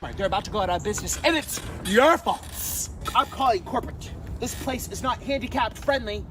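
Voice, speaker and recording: A man's voice: high-pitched, fast talker, fairly bright tone. Whiny theatrical man on a noisy street clip. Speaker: internet skit performer. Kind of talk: comic skit. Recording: noisy outdoor phone clip.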